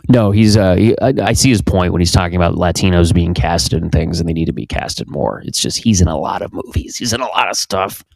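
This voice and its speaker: A man's voice: deep voice, fairly quick, vocal fry, hardly any pauses, darkish tone, no room sound. A young man hosting from his home basement, rambling crudely through a casual comedic monologue and interrupting himself often. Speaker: podcast host.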